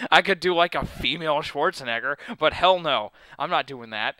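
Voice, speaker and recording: A man's voice: on the high side, expressive, moderate pace, pushed and bright, dry recording. A young man giving casual, self-mocking commentary while playing and voicing a game. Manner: self-mocking, laughing asides. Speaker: let's play host. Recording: game music underneath.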